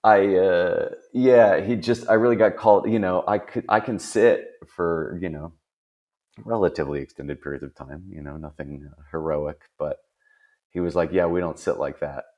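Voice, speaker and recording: Man, deep voice, podcast host, casual rambling chat, self-deprecating. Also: normal speed, a little mellow, lo-fi sound.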